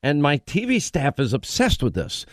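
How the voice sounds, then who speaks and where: Animated male radio talk host. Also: on the high side, moderate pace, no echo, clean studio sound. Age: 50s. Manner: animated, interrupting, quips. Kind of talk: casual radio banter.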